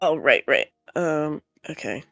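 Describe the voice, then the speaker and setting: A woman playing a tabletop game, speaking for her character with forceful insistence. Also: low voice, animated, a little slow, vocal fry, no echo, studio quality, faint music behind. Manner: hesitant at first, then forceful. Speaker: player. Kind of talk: tabletop role-play.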